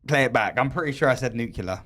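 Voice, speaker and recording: Lively young man telling a wild story. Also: mid-range voice, quick pace, a little hiss or hum. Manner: animated, laughing, swearing a lot, rambling restarts. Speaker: podcast host. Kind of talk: casual storytelling chat.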